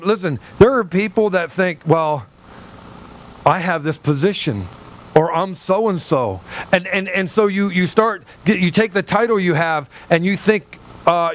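High-voiced pastor preaching a sermon. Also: male voice. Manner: conversational preaching with frequent restarts; acts out quoted voices.

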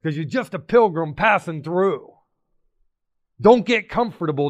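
Sudden shouts punctuate the sermon of a high-voiced male pastor speaking at a normal pace. His delivery is excitable and emphatic, full of repeated phrases.

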